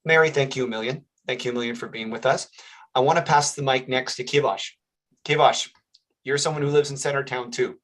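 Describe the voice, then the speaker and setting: A man hosting an online town hall, moderating it in an earnest, measured way and reading out audience comments. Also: medium pitch, fairly even intonation, fairly bright tone. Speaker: town hall host, politician.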